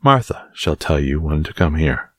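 A man voicing a shy, sickly boy who speaks softly and sleepily, in a storybook reading. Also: a bass voice, very animated, moderate pace, no room sound, clean studio sound, full character voice. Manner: soft and sleepy.

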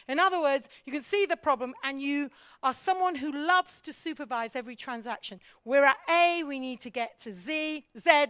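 High-voiced woman teaching in church. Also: no room sound. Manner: animated, questions the audience, acts out voices. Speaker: church leader teaching on leadership.

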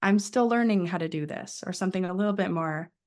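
A woman's voice: on the low side, quick pace, a little mellow. A woman life coach speaking as an interview guest, explaining her approach and acting out the inner voices of her clients.

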